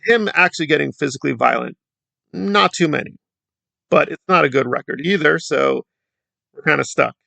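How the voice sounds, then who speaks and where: Sardonic male vlogger, gravelly and bright, dry close recording. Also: a little high, moderate pace, long pauses, no echo. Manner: sarcastic, mocking, conversational. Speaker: commentator. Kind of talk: commentary vlog.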